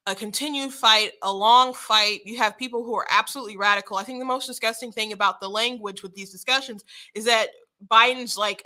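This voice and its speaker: Bright-voiced woman hosting political commentary. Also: on the high side. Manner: fast, frank, with frequent restarts and laughs.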